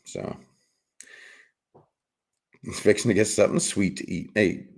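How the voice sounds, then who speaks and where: A middle-aged man with a low voice hosts a laid-back livestream, reading chat aloud in a loose, rambling way. His tone is rough and gravelly, and he teases viewers and chuckles often. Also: steady tone, unhurried, darkish tone. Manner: rambling, teasing, chuckles often, repeats words. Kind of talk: casual chat.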